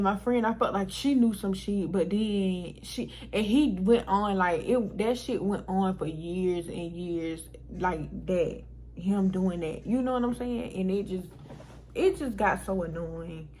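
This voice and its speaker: A woman's voice: mid-range voice, rough recording. A woman vlogger telling a personal story in casual storytime style, frank and exasperated, swearing freely and laughing between lines.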